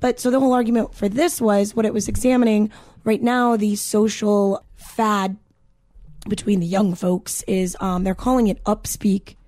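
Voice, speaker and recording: Casual chat: young woman, mellow tone, dry close sound, loose and sweary. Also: medium pitch, steady tone, normal speed, no room sound. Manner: casual swearing, lots of fillers.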